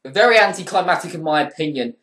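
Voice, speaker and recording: A man's voice: on the high side, expressive, quick pace, fairly bright tone. Rambling young man, echoey room. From United Kingdom. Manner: rambling, profane, with frequent ums and heated rants. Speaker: wrestling show reviewer. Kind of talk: casual spoken review.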